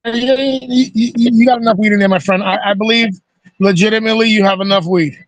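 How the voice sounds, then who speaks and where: A man hosting a casual video call, telling stories in an animated, profane way. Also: sits high, fairly quick, no echo. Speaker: host. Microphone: video call mic.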